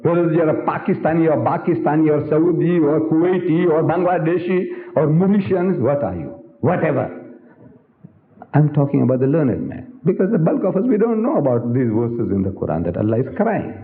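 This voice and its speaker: A man's voice: fairly high pitch, big pitch swings, a little fast. An older man giving a public religious lecture, emphatic and theatrical, firing rhetorical questions at the audience. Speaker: Islamic lecturer. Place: lecture hall. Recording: echoey hall, tinny old recording.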